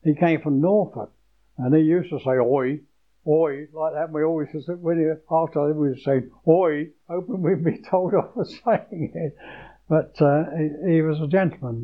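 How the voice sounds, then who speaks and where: An older man from Croydon recalling his school days in a halting oral history telling, with many restarts and fillers. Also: fairly high pitch. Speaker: former pupil. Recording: dull lo-fi recording.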